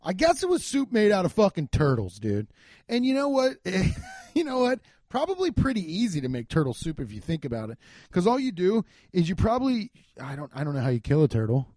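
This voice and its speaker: A young man rambles through a solo podcast from his garage, cursing freely. His mellow voice swings widely in pitch, from low mutters to sudden loud bursts. The sound is close and dry. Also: fairly quick, dry recording. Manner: loose, profane, rambling with frequent swearing; animated, jumps between muttering and loud outbursts. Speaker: podcast host. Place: home garage.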